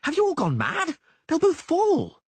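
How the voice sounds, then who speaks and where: A man reading an audiobook, voicing a frantic young male bard yelling for help. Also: very high-pitched, huge pitch swings, measured pace, no room sound, voice pushed up, heavily acted.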